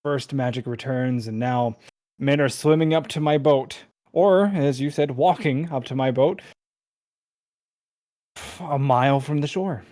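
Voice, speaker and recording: A man voicing a gruff, swearing male dwarf fisherman who grumbles with dry sarcasm. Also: medium pitch, measured pace, mellow, no room sound, lightly acted. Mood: sardonic.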